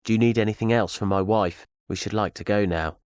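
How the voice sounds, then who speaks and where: A man's voice: fairly low pitch, fairly quick, a little mellow, clear, resonant tone, dry recording, clean studio sound, natural voice. A man voicing a protective, devoted husband in an audio drama, earnest and reassuring.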